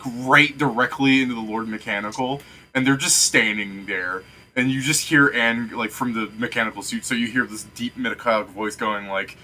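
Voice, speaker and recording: A man's voice: mid-range voice, pushed and bright. A man narrating a tabletop game as game master, loose and profane, often laughing.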